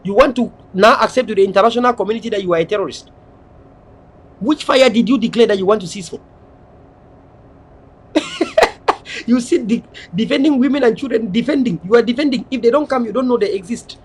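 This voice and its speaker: A man's voice: very high voice, fast talker, breathy edge. A man from Southern Cameroons with a Cameroonian English accent, delivering an impassioned, lecturing monologue with heavy repetition. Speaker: political activist speaker.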